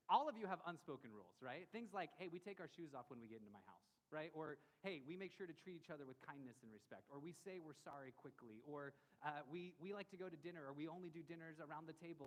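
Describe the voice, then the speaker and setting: Pastor, thirties, male: quick, slightly high, casual sermon voice with a light joking touch, recorded in a church hall with long reverb. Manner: conversational, jokey, asks the congregation questions. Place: church sanctuary.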